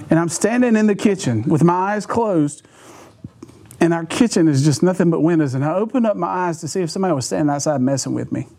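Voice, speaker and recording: Male pastor, fairly high voice, lively storyteller who laughs mid-sermon. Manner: animated, chuckling, restarts phrases.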